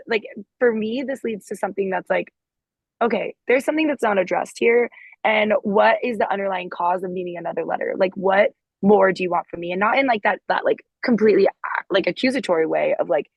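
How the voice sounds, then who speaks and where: Young woman, ex-therapist, husky, dry close sound, rambles with lots of "like.". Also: mid-range voice, brisk, no echo, poor audio. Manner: rambling, many "like" fillers. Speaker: panelist, former therapist. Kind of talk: casual discussion.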